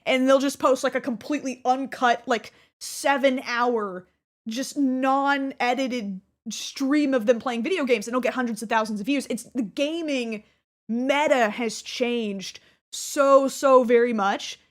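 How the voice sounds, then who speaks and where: Chatty high-voiced woman. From Texas. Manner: chatty, many fillers and quick self-mocking asides. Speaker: gaming creator. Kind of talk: casual reflective chat.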